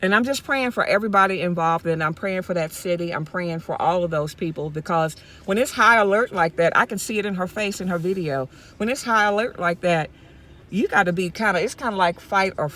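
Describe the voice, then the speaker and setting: A woman's voice: lowish voice, normal speed, a bit bright. A woman from Mississippi, talking straight to her viewers in a casual vlog, impassioned and repeating herself as she goes, speaking from her car. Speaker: YouTube vlogger.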